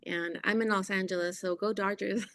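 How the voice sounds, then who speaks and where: A woman on a caregiving panel, speaking warmly and hesitantly, repeating words as she searches for them. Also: mid-range voice, fairly even intonation, normal speed, no echo, clean studio sound. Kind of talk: supportive webinar conversation.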